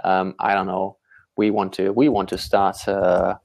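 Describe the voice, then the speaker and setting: A man from Austria whose first language is German, a guest on a live online talk giving startup pitch advice in an emphatic, energetic way. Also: unhurried, creaky. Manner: energetic, emphatic, repeats words when starting a point.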